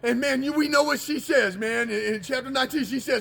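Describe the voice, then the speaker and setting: A man preaching a casual street-style sermon in slang, retelling a scripture story and shouting for emphasis. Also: extremely high pitch, fairly quick, gravelly, few pauses, a little hiss or hum.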